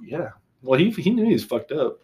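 A man's voice: on the high side, very animated, normal speed, dark tone, slightly rough. A man hosting a podcast, telling a blunt, profane story in casual chat. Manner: blunt, profane, short replies. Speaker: podcast host.

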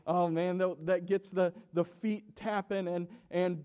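A young man preaching an emotional sermon in a church, halting and repeating himself with nervous laughs. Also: high voice, steady tone, darkish tone. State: emotional, coughing.

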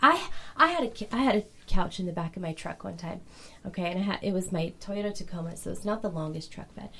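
A woman guest on a podcast, telling stories in a casual, animated way, laughing often and acting out what people said. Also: fairly low pitch, fast talker, creaky, a little hiss or hum. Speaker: podcast guest, vintage furniture dealer. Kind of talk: casual storytelling chat.

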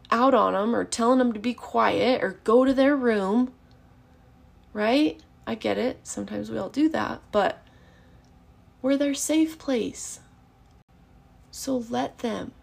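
Parenting coach, woman, 30s, encouraging and earnest, a touch of vocal fry. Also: a little high. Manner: earnest and encouraging, acts out calm parent phrases. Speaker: parenting educator. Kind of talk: casual teaching monologue.

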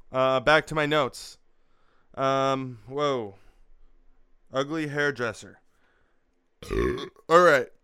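A man's voice: mid-range voice, fairly bright tone, smooth, no echo, clean studio sound. A young man hosting a crude morning beer-review show, rambling and swearing with lots of fillers. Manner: profane, rambling, frequent fillers. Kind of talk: crude casual morning vlog.

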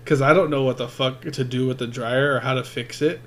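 A man in loose, crude conversation, spinning everyday stories with a steady mid-range voice. He swears nearly every sentence and trips over his own restarts as he goes. His tone stays plain and unpolished. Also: mid-range voice, brisk. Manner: profane, rambling, restarts a lot. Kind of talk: crude casual storytelling chat.

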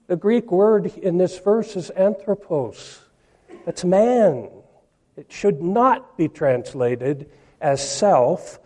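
A male preacher delivering a sermon at a slow, deliberate pace. His voice sits a little high for a man, yet it sounds mellow and soft. He reads scripture aloud and leans hard on the words he wants to stress. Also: animated.

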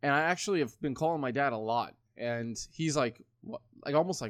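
A man's voice: medium pitch, lively intonation, brisk, no echo, studio quality. A man in his twenties talking casually, rambling with lots of swearing and filler words. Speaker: podcast co-host. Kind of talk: casual chat.

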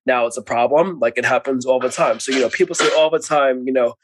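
A man hosting a casual podcast chat, animated and opinionated, often repeating himself for emphasis. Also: medium pitch, fast talker, slight background noise, rough recording. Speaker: podcast host.

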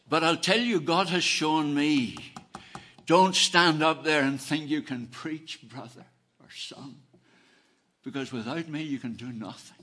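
A man delivers a sermon with earnest emphasis, his voice a little high. He repeats phrases and swings between soft and loud delivery.

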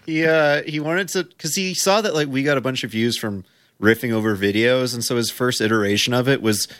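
A man co-hosting a podcast, chatting in a sarcastic, animated way. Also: mid-range voice, fairly quick, smooth, dry recording. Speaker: podcast co-host. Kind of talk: casual podcast chat.

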